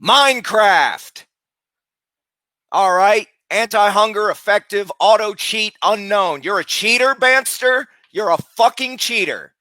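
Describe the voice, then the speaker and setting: A man live streaming, talking casually and loudly berating people with heavy profanity. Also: sits high, lively intonation, takes it slowly, no room sound.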